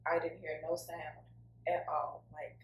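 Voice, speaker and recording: A woman's voice: low voice, little pitch movement, a little slow. A woman co-hosting a podcast, telling her own story in a candid, emotional, informal way with lots of fillers. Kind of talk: casual heartfelt podcast chat. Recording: echoey room, mic at a distance, faint hum.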